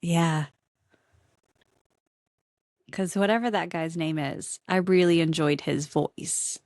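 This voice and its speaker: A woman's voice: on the low side, slow, a little mellow, dry recording, clean studio sound. A woman who runs a bookstore, chatting on a podcast as a guest and laughing often. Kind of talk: casual podcast chat.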